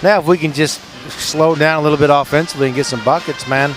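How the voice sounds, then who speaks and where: Male color commentator, slightly high pitch, laid-back rambling radio banter over a light music bed. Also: steady tone, fast. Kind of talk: casual radio sports banter.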